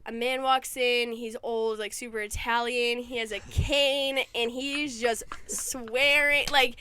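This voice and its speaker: A woman's voice: a little high, slow pace, smooth. A young woman in college telling a long story in casual podcast chat, full of "like" fillers. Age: young adult. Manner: animated storyteller, lots of "like" fillers.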